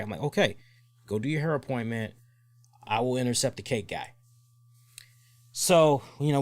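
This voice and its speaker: A man in his thirties hosts his own show and tells a long story in easy, casual chat. He swears freely and swings his voice sharply upward when he acts out what other people said. The recording is very dry, with no room sound at all. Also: no echo. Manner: animated, swears freely, acts out other people's lines with big pitch jumps. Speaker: podcast host.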